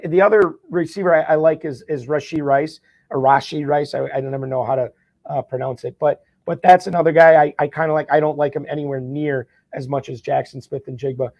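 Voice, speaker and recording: A man chats as a podcast guest, his voice sitting fairly high. He talks eagerly, often stumbling and restarting mid-sentence. The sound is dry and close, with no room around it. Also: darkish tone, dry recording. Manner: eager, with frequent stammered restarts. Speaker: guest, fantasy football champion. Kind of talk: casual podcast chat.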